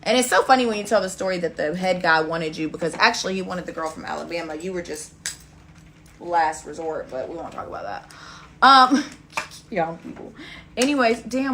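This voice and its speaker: A woman's voice: lowish voice, animated, a little fast, pushed and bright, a little hiss or hum. A young woman telling a casual storytime rant, blunt and profane, acting out other people's lines as she goes. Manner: blunt, profane, acts out quoted dialogue.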